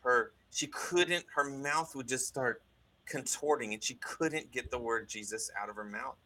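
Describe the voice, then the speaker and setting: A man telling a story in casual conversation, animated, with many restarts and asides. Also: mid-range voice, unhurried. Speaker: guest recounting a deliverance.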